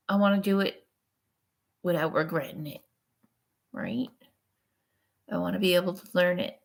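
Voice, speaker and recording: A woman's voice: fairly low pitch, fairly bright tone. A woman vlogging in casual, rambling chat, swearing freely and laughing often.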